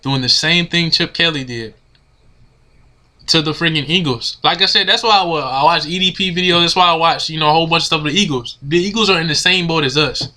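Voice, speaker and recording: A man's voice: fairly high pitch, a little fast, sharp tone. A man ranting casually to his camera as a sports fan, exasperated and slangy, repeating himself. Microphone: camera mic.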